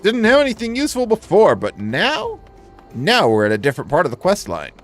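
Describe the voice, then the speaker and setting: A man's voice: high voice, huge pitch swings, a little fast, a bit bright, faint music behind. A man hosting a gaming channel, giving casual let's play commentary with wry, joking asides.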